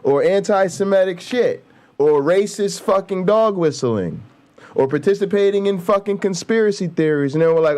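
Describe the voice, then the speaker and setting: A man's voice: high voice, animated, brisk, a little mellow. Blunt, profane man hosting a livestream. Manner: blunt, profane, heated, builds to emphatic outbursts. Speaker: show host. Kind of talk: casual livestream commentary.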